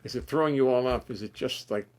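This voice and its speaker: A man's voice: mid-range voice, fast, a little mellow. A male musician hosting a live stream from his studio, chatting playfully and reading out viewers' comments. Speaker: musician and host. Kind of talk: casual chat on a live stream.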